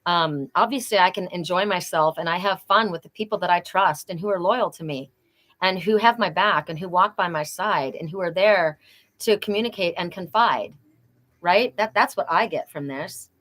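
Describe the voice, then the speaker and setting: A woman's voice: fairly low pitch, normal speed, fairly bright tone. A middle-aged woman doing a live oracle card reading, talking earnestly and repeating phrases for emphasis.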